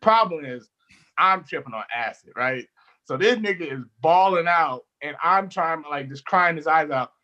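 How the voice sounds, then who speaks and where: A young man with a bright, forceful voice that sits a little high. He tells loose, animated stories as a comedian guest, laughing often and swearing freely. The talk is casual and rambling. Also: normal speed, dull audio. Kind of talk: casual storytelling chat.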